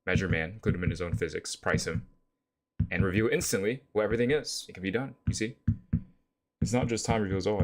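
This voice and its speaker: A man reacting to a clip on a stream, talking in a laid-back way and musing in abstract, philosophical terms. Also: low-pitched. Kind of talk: casual reaction commentary.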